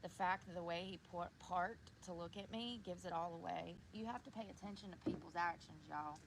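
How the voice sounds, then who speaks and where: A woman's voice: fairly low pitch, brisk, slight background noise. A woman talking to viewers on an outdoor livestream in a park, indignant and swearing a lot. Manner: indignant, profane, talks to viewers.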